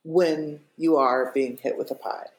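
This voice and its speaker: A woman's voice: sits low, fairly even intonation, unhurried. A woman co-hosting a podcast in casual chat, swearing casually and laughing often. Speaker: podcast co-host. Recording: roomy echo.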